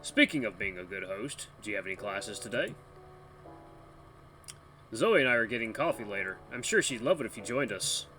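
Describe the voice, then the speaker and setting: A man's voice: fairly low pitch, big pitch swings, normal speed, long pauses, sharp tone. A man reading the lines of a confident young male tour guide in a visual novel, in a friendly, assured way. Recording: background music under voice.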